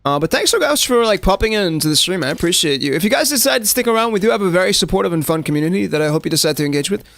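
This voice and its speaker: A man's voice: high voice, expressive, very fast, creaky, a bit bright, no echo, clean studio sound. A young man streaming a game, giving casual running commentary full of "like" fillers and chatting to his viewers. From South Africa. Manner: casual, chatty, lots of "like" fillers, addresses chat. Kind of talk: live gameplay commentary.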